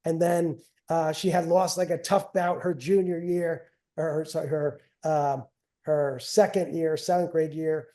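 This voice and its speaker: Middle-aged New man, warm, slightly high voice, loose rambling storyteller who repeats himself. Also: fairly even intonation, unhurried. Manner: rambling, repeats phrases, trails off. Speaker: guest, wrestling coach and father. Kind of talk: casual storytelling.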